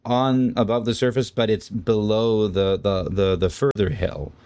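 A man's voice: fairly low pitch, fairly even intonation, measured pace, darkish tone, no room sound. A man co-hosting a casual literary discussion, reflective and stammering as he searches for words. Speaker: podcast co-host.

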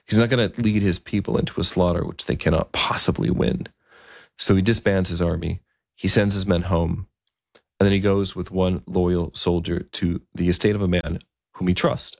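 A man's voice: sits low, vocal fry, no room sound, clean studio sound. A man narrating a story in a conversational way, with occasional fillers.

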